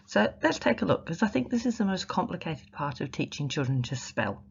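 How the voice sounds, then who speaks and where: A woman's voice: on the low side, sing-song, a little fast, creaky, dull audio, a little hiss or hum. A woman teaching spelling in an instructional video, explaining patiently step by step with many examples and frequent "um" fillers. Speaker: literacy teacher trainer.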